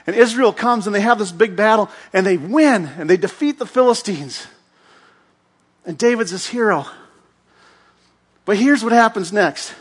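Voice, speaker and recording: Lively high-voiced male preacher. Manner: lively, acts out characters with shouts and sound effects. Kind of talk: animated Bible storytelling sermon.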